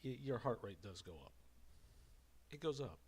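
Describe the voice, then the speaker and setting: A man's voice: medium pitch, animated, normal speed, breathy edge. A man giving casual, rambling commentary, repeating himself, a little out of breath after a drink. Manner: rambling and repetitive. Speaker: commentary streamer.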